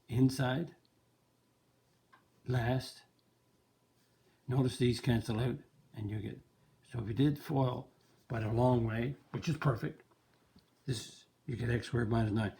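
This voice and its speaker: A man teaching a math lesson, explaining slowly and repeating key terms for emphasis. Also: medium pitch, creaky, mellow. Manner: slow, repetitive, emphasizing terms.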